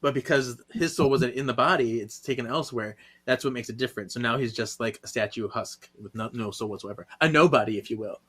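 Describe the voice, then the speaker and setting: A man's voice: mid-range voice, fast talker, hardly any pauses, fairly bright tone, husky. A man co-hosting a podcast, recapping comic panels in a casual, laughing way. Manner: laughs often, walks through panels. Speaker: podcast co-host. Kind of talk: casual comic book discussion.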